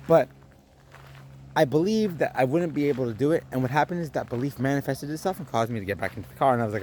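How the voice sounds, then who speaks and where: Young man, vlogger, animated storytelling, mid pitch, faint background ambience. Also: fast talker, slight background noise. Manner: animated storytelling, acting out his own lines. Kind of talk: storytelling vlog.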